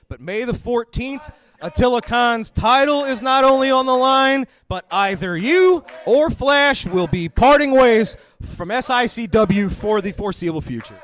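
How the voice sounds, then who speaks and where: A man's voice: very high-pitched, fairly bright tone. A man announcing and interviewing wrestlers on a wrestling show, in a hyped announcer manner.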